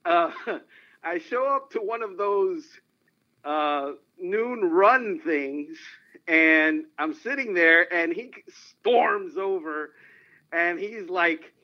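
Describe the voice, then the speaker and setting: Over a dull, lo-fi phone line, a sportswriter guest in an interview tells anecdotes with animation and frequent laughter. His voice sits high, expressive, and slow.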